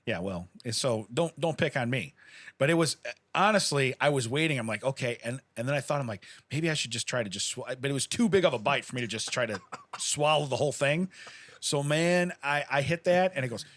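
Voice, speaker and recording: A man's voice: medium pitch, animated, fairly quick, a bit bright. A middle-aged man co-hosting a podcast, telling a rambling story in casual chat, laughing often and acting out what people said. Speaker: podcast co-host.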